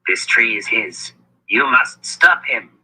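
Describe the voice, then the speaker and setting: A man voicing an impish, sly old male wizard, with a husky voice, in an audiobook reading. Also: mid-range voice, lively intonation, takes it slowly, bright, forceful tone, voice pushed up, heavily acted, low-quality recording.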